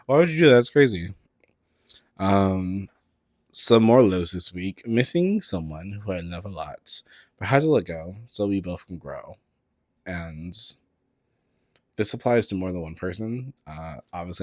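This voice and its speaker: Sassy low-voiced man hosting a podcast. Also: a little slow, no room sound, studio quality. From San Francisco Bay Area. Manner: sassy, animated, swears freely, with frequent laughs and slang. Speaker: podcast host. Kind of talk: casual solo podcast chat. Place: indoors at a table, on camera.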